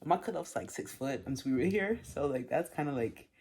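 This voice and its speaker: A young woman vlogger telling a storytime in a chatty, animated way, full of fillers and laughs. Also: a bass voice, brisk, slightly rough. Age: young adult. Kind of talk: storytime vlog.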